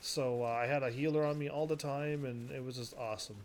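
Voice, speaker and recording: A man casually commentating while he plays a game, rambling and quick to laugh at it, with game music behind him. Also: medium pitch, fairly even intonation, slight background noise. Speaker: gaming video host. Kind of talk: casual let's-play commentary.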